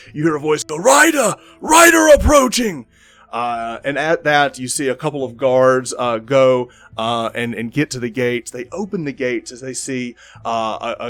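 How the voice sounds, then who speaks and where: A man narrating a tabletop game as game master, rambling with many fillers and restarts. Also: medium pitch.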